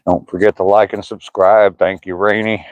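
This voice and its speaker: An older man with a Southwest Ohio drawl that has an Appalachian lean, chatting in an easygoing way as he reads viewers' comments aloud. His voice sits very low, with a dry, close sound and a slightly dull, muffled tone. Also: level tone, moderate pace, no room sound. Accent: Southwest Ohio, Appalachian-tinged. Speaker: vlogger reading live chat. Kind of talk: casual live-stream chat while walking.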